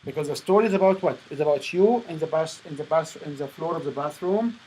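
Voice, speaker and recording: A man coaching a student on stage presentations, speaking in halting phrases with many restarts. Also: fairly high pitch, expressive, warm tone, a little hiss or hum, low-quality recording. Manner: non-native phrasing, repeats and restarts. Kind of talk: coaching session.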